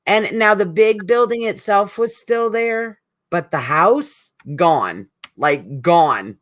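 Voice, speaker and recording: This middle-aged speaker takes it slowly, with a medium, slightly bright voice and lively intonation. They're at a support group meeting, talking directly to a friend who is absent in an emotional, rambling, heartfelt tribute.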